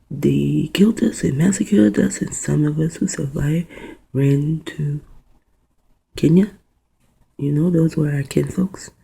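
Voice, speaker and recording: Extremely gravelly, dark, husky voice. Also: medium pitch, rough recording. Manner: spells words out letter by letter; often drops into a whisper. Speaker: video host. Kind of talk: rambling commentary while reading aloud.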